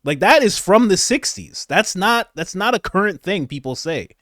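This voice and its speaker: Animated man ranting in comedy commentary. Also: high-pitched, normal speed, no echo, clean studio sound. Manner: animated, laughing, incredulous.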